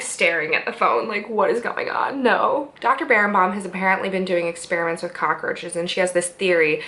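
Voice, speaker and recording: A woman's voice: medium pitch, fairly bright tone, low-quality recording. Chatty, sarcastic woman reviewing TV. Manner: chatty, sarcastic, swears a lot. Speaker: TV episode reviewer. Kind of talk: casual chat.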